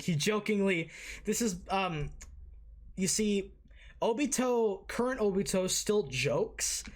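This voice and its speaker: An anime reaction host giving casual, rambling commentary, swearing freely and full of fillers and restarts. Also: mid-range voice.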